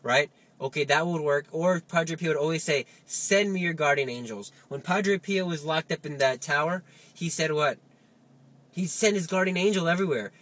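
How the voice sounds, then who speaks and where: A man with a fairly high voice delivers Catholic teaching in an animated way. He keeps asking rhetorical questions and adds coaxing asides. The delivery is conversational rather than preachy. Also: normal speed. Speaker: Catholic speaker. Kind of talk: spoken religious teaching.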